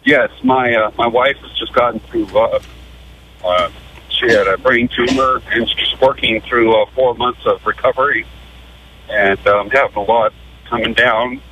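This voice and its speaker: A man calling in to a radio show, speaking in a hesitant, halting way full of fillers. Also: medium pitch, steady tone, pushed and bright. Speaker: radio caller. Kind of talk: phone-in call. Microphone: telephone. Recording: dull phone line with faint noise.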